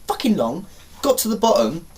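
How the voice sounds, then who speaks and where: A young man vlogging, telling a story to camera in an animated, exasperated way and swearing casually. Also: high voice, moderate pace.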